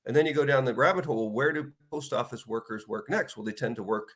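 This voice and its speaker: Animated man telling stories. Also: medium pitch, fast talker. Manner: animated storyteller, acts out quotes. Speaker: author guest. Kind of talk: casual interview chat.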